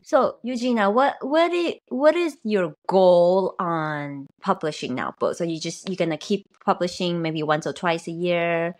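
A woman's voice: lowish voice, a little slow, few pauses. Chatty woman podcast host. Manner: chatty, many "like" fillers. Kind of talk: casual podcast interview.

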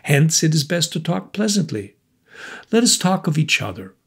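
A man's voice: fairly high pitch, sing-song, normal speed, gravelly, breathy edge, voice pushed up, exaggerated voice. A man reading a storybook voices a troubled, brooding man who talks in a gloomy, pressing way. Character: tense, brooding man, restless and intense.

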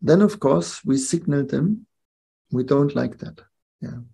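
Gravelly-voiced older man teaching. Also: medium pitch, lively intonation, slow pace, mellow. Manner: reflective, keeps checking in with "yeah?" and "no?". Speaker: spiritual teacher. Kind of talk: spiritual talk to a live group.

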